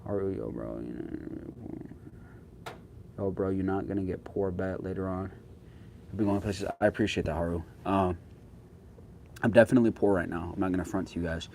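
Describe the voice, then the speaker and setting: A man's voice: deep voice, flat delivery, a little fast, darkish tone, a little hiss or hum. A young man chatting casually with his viewers as a social media creator, in a slangy, laid-back way.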